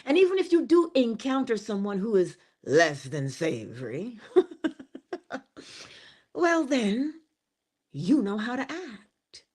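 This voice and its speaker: A woman's voice: on the high side, slow pace, long pauses, husky. A woman hosting a morning inspiration stream, giving a motivational talk with emphasis, dropping to a whisper on key phrases and acting out little scenes. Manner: animated, laughs and acts out little scenes.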